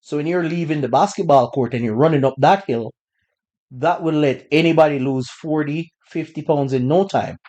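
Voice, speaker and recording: A man's voice: on the high side, moderate pace, lo-fi sound. Laid-back man telling a story. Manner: laughs while telling a story, relaxed and conversational. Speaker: podcast host. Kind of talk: casual storytelling.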